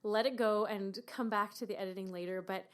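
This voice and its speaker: A woman author from Canada, talking in an animated, expressive way about her book in a radio interview. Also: medium pitch, brisk. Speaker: author guest.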